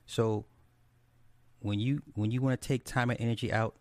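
A man's voice: medium pitch, steady tone, normal speed, a little mellow, dry recording. A man delivering a ranting solo commentary, blunt and scornful, who swears freely and repeats his points for emphasis.

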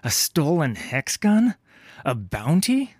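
Brief: bitter, snarling pirate cutthroat, as a man plays him, low and gruff. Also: slow pace, no echo, clean studio sound. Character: tattooed, menacing male corsair, cornered and bitter.

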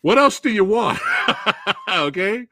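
A man hosting a podcast, excitedly chatting about films, swearing often and acting out favorite movie lines. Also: sits high, slow pace, no room sound, clean studio sound. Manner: excitable, profane, acts out movie quotes. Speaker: podcast host. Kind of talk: casual movie chat.

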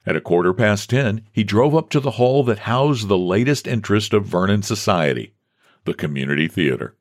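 A man narrating a novel aloud in a scripted storytelling style, with expressive, varied delivery. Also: lowish voice, normal speed. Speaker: audiobook narrator.

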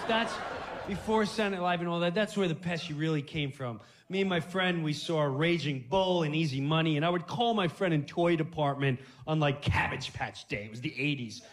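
A man hosting a podcast and telling comic stories, animated and laughing, jumping into voices. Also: a little high, moderate pace. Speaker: podcast host. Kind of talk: comic storytelling.

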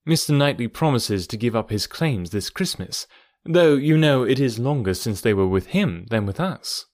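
A calm and sensible young daughter, read by a man, speaking patiently and reassuringly. The voice sits at a middling pitch, close and dry. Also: moderate pace, no echo, lightly acted. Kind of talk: audiobook reading.

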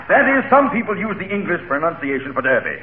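An actor playing a pompous, stuffy town mayor who gets flustered easily, in 1940s radio comedy style. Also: male voice, sits high, big pitch swings, quick pace, phone-quality sound, crowd noise. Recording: scratchy old radio broadcast with audience.

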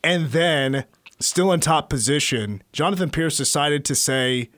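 A man's voice: on the high side, unhurried, no room sound, studio quality. A man hosting a sports talk show, casually retelling sports stories. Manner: storytelling, animated retelling. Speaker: sports radio host.

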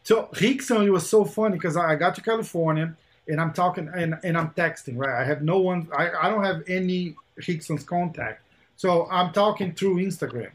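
A man hosting a podcast, chatting casually and telling animated stories, acting out quoted exchanges and swearing now and then. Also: high voice, normal speed. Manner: swears casually, repeats words when excited. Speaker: podcast host. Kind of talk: casual chat.

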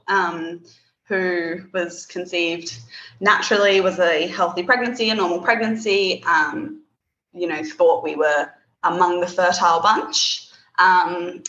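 An Australian woman from Darwin, a podcast guest telling her story softly and hesitantly over a video call. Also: lowish voice, reverberant, muffled recording, slight background noise. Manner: soft-spoken, hesitant, many ums. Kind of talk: personal story in an interview.

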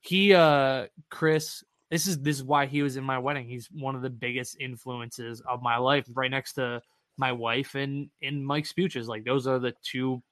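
A man co-hosting a casual podcast about real estate, animated and candid, acting out his past self and swearing freely. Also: mid-range voice, unhurried, no room sound.

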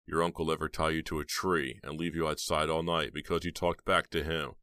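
A very deep, slow, sneering voice of a cold young blackmailer, played by a man. He sounds flat and menacing, close to a dry mic. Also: smooth, no echo.

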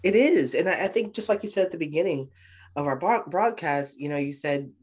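Lower-voiced woman telling lively stories. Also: a little fast, husky. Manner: animated storyteller, laughs often. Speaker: guest, speaker and author. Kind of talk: casual interview chat.

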